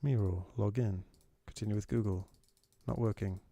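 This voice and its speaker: A man with a gravelly, fry-laden voice chats casually on a live stream and mutters to himself in exasperation between explanations. The sound is close and dry, with keyboard typing and mouse clicks behind him. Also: fairly low pitch, fairly even intonation, moderate pace, warm tone, no room sound. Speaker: streamer giving feedback.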